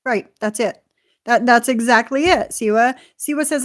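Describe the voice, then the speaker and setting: A woman's voice: fairly high pitch, animated, normal speed. Blunt woman hosting a commentary stream. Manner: blunt, indignant, reads chat comments aloud. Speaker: livestream host. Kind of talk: commentary livestream reacting to clips.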